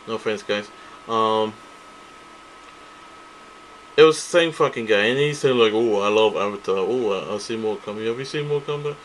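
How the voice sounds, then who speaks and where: A man's voice: lowish voice, bright, forceful tone, slight background noise, poor audio. A man ranting angrily to camera, profane and repetitive, circling back to the same complaints. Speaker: vlogger. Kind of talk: angry ranting monologue to camera.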